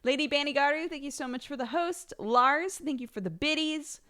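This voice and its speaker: A woman's voice: sits high, a little fast, fairly bright tone. A young woman livestreamer chatting casually with her viewers. She is bubbly and giggly, and she thanks subscribers by name. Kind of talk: casual chat with live viewers.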